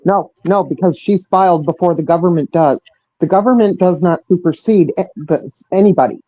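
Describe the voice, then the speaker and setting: A woman's voice: fairly low pitch, moderate pace, mellow, no echo. A woman calling into a livestream panel on speakerphone, explaining things firmly. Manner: firm, explanatory. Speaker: panel caller. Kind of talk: casual livestream panel chat. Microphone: phone on speakerphone. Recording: dull speakerphone audio.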